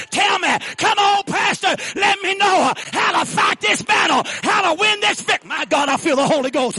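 High bright-voiced shouting preacher man. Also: slight background noise. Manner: shouting, folksy, laughing between lines. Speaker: guest preacher. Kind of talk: revival sermon.

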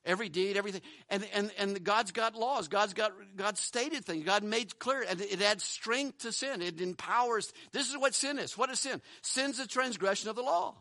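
Bright-voiced man preaching a sermon. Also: high voice, moderate pace, few pauses, no echo. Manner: earnest preaching with repeated words and restarts. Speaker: pastor. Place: church building.

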